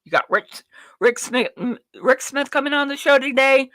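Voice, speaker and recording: A woman's voice: sits high, normal speed, fairly bright tone, dry recording. A woman hosting a livestream talk show, ranting bluntly and swearing freely, rambling with restarts and talking to herself. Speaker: show host. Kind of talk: livestream commentary.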